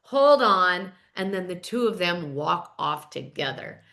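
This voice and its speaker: Bright-voiced woman gossiping about TV. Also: on the low side, normal speed, creaky. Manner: dramatic retelling, chatty and gossipy. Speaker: reality TV recap host. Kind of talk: recapping a TV episode to camera.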